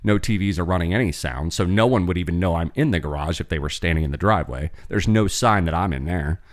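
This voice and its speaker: A man co-hosting a podcast, telling a long, profane, animated story in casual chat. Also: low-pitched, fast. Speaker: podcast co-host.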